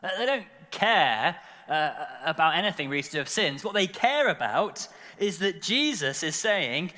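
A man delivers a sermon in a lively storytelling manner, often stumbling over and repeating words. His voice sits a little high and sounds sharp and bright. A long reverb from a large church hall trails after him. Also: normal speed. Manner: animated storytelling with frequent filler and repeated words. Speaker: preacher.

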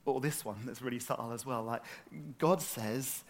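Animated man preaching conversationally. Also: medium pitch, normal speed, hardly any pauses. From north London, England. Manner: conversational, animated, asks the room questions. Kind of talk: sermon.

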